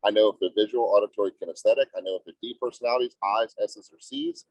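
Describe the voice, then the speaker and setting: A man's voice: quick pace, vocal fry, darkish tone, no echo. A man, a real estate agent, talking emphatically in a team meeting and often asking "right?". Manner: emphatic, salesy, repeats "right?". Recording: muffled low-fidelity audio.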